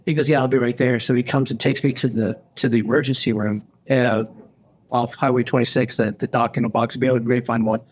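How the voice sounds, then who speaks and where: A man's voice: mid-range voice, fairly even intonation, fairly quick. A man co-hosting a podcast, telling a story in casual chat, acting out quoted voices with frequent restarts and laughs. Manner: laughs often while telling stories. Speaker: podcast co-host.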